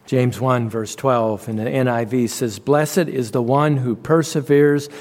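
A male preacher delivering a sermon at an unhurried, deliberate pace. He drives his points home by repeating phrases, and his voice sits at an ordinary middle pitch. A long reverb trails after each line. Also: steady tone, a little mellow. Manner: slow, emphatic repetition.

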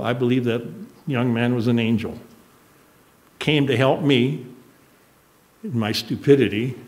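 A man's voice: medium pitch, a little mellow. An older man preaching a sermon, telling a personal story in an earnest, emotional way. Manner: emotional, earnest, choked up at moments.

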